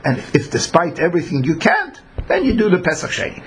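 A man's voice: high-pitched, huge pitch swings, fast, husky. A man teaching a Talmud class who acts out the people in his examples. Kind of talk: Talmud lecture.

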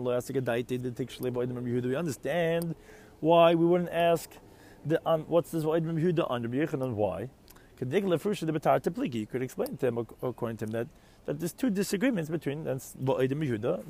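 A man's voice: medium pitch, vocal fry, dark tone. A man giving a Talmud lecture, reading Aramaic phrases and explaining each one in English, often posing questions to his listeners. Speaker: Talmud teacher.

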